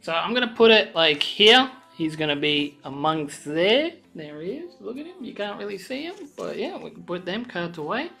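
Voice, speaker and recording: A woman's voice: lowish voice, normal speed, creaky, few pauses. A young woman hosting her channel, chatting casually and swearing often as she opens card packs for viewers. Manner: excitable, swears a lot, chatty asides to viewers. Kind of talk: casual pack-opening commentary.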